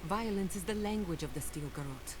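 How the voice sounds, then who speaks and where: A woman's voice: on the low side, expressive, brisk, close to an everyday voice. An actress playing a blunt, scornful female companion in a video game. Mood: stern. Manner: cutting, scornful. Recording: game audio with background hiss.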